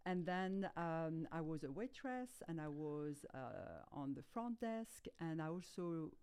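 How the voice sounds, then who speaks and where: French-accented woman in her fifties, lively. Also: deep voice, slow pace, clear, resonant tone. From France. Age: 50s. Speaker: guest. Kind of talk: casual interview.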